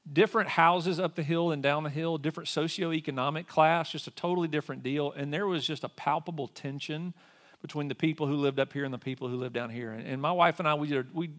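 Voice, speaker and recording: A man's voice: medium pitch, fairly bright tone. A man in his forties, a pastor telling a personal story in a sermon and acting out both sides of an argument. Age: 40s.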